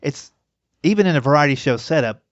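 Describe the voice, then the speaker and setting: A man's voice: fairly high pitch, expressive, fairly quick, no room sound. A man hosting a podcast, chatting casually with a guest and giving his own thoughts between brief replies. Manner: brief backchannels and reflective comments. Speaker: podcast host. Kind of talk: casual interview chat. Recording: dry, slightly dull lo-fi audio.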